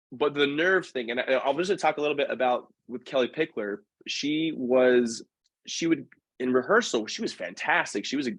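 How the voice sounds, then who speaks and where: A man tells stories as a podcast guest, lively and relaxed, restarting phrases as he goes. His voice is in the middle of the male range, and the recording is close and dry. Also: mid-range voice, no room sound. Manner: animated, acts out quoted voices, quick self-corrections. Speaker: guest, professional dancer. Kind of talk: casual storytelling in a podcast conversation.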